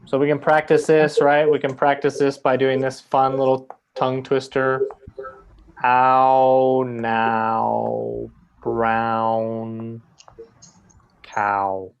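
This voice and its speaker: A man teaching an English pronunciation lesson, drawing out model sounds slowly and often checking in with "right?". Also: medium pitch, completely flat delivery, clean tone.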